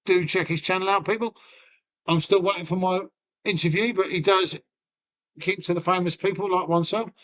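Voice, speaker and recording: A man's voice: sits high, fairly even intonation, brisk, fairly bright tone. A man with a Lincolnshire accent chatting casually on his live stream, bantering with viewers, swearing freely and calling everyone mate. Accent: Lincolnshire English. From Lincolnshire, England. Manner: folksy, peppered with "mate" and "innit".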